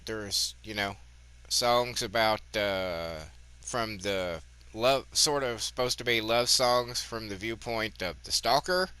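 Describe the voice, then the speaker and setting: A man's voice: on the low side, slow pace, sharp tone, clean tone. A man with a twangy Southern drawl, casually rambling and swearing as a gaming channel host. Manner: rambling, candid, swears freely. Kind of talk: casual gameplay commentary.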